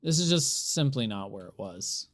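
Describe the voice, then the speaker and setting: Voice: mid-range voice, lively intonation, normal speed. A streamer chatting to viewers during a live gameplay stream, rambling and exasperated, laughing often. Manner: exasperated, rambling, talks to chat while playing.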